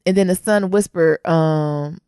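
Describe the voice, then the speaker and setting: A woman's voice: low voice, a little slow, mellow, smooth, no room sound, clean studio sound. A woman co-hosting a casual podcast chat, telling stories animatedly and acting out scenes with voices. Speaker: podcast co-host. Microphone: studio podcast mic.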